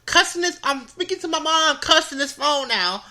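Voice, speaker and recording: A woman's voice: high-pitched, moderate pace, slight background noise. A young woman, animatedly telling an exasperated comic story on a podcast. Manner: animated, exasperated, repeats words for comic effect. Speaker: podcast co-host. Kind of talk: casual storytelling.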